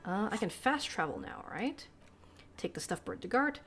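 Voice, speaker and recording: A woman's voice: medium pitch, lively intonation, moderate pace, soft background music. A woman streamer giving casual, profane, self-deprecating commentary while reading game text aloud.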